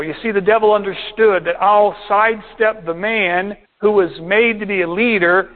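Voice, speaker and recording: A pastor with a high-pitched voice delivers a sermon, reading verses aloud and explaining each in turn. He slows down to stress key points, and the audio sounds thin and tinny, like a phone line.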